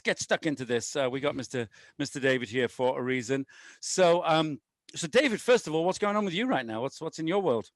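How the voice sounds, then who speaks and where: A man's voice: mid-range voice, lively intonation, brisk, dry recording. A man co-hosting a podcast in loose, rambling, self-mocking chat, talking while on painkillers after having his wisdom teeth out. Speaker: podcast co-host, race director.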